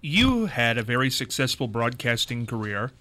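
A man's voice: medium pitch, very animated, normal speed, sharp tone. A man interviewing a guest, asking probing questions about an emotional moment.

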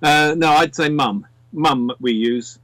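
An English man with a southern English accent talks easily in a casual radio chat. His voice sits a little high for a man, and the sound is dry and close to the mic. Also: slow, a bit bright, no room sound, low-quality recording. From England. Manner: chatty, slips into other accents.

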